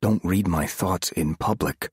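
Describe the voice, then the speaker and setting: A man's voice: sits low, normal speed, husky, no room sound, clean studio sound. A man reading aloud, voicing a former priest who acts as a tense, protective mentor, firm and commanding. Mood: stern.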